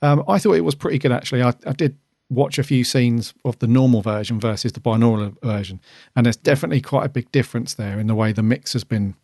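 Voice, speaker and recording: A man's voice: medium pitch, quick pace, few pauses, a little mellow, no echo, studio quality. A man co-hosting a podcast, chatting casually and rambling with lots of ums while reviewing an episode. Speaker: podcast co-host.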